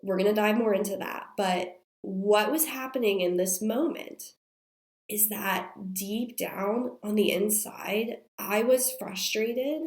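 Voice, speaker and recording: A woman's voice: medium pitch, slow pace. Sick woman host, chatty, roomy sound. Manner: chatty and confessional, many fillers. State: sick, strained voice. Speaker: podcast host. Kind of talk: candid storytelling monologue. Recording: roomy echo.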